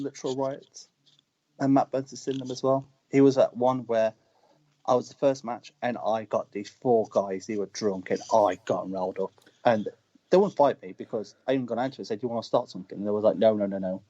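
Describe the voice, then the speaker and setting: A man's voice: medium pitch, steady tone, moderate pace, warm tone. A man, a wrestler, telling brash, boastful stories in a casual interview. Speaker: wrestler guest. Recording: dull lo-fi audio.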